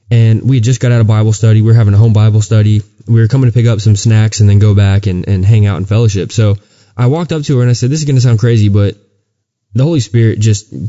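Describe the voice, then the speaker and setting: A man's voice: lowish voice, mellow, dull audio. A man co-hosting a podcast, telling a story of his faith in an earnest, casual way, often stumbling and restarting. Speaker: podcast co-host. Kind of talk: casual chat and testimony.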